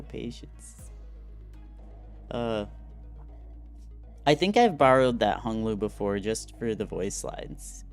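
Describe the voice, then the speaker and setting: Chatty male game streamer. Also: medium pitch. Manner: chatty, reads chat and game text aloud, laughs often. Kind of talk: casual live-stream commentary.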